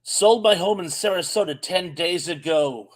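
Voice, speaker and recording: Chatty higher-voiced Southern man. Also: moderate pace. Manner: reads out chat greetings, friendly and chatty. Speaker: co-host of live stream. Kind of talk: casual live-stream chat.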